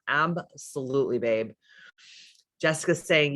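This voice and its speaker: A woman's voice: extremely low pitch, unhurried, a bit bright. A woman talks straight to her viewers in a casual livestream. Her delivery is emphatic and candid, and she drops the occasional swear word. She stops now and then to read out comments from the chat. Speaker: livestream host and spiritual coach.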